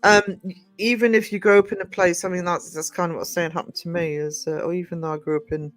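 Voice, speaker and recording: A man's voice: sits high, flat delivery, fast talker, fairly bright tone, poor audio. A middle-aged man from northern England, hosting a livestream and chatting casually with a rambling, laughing manner while reading the chat. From England, born in Nottingham, raised in Northumberland. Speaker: livestream host.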